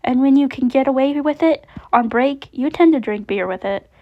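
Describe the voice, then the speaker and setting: A woman's voice: high-pitched, moderate pace, lightly acted. A woman reading as an eager, rambling sun caretaker. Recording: dull lo-fi recording.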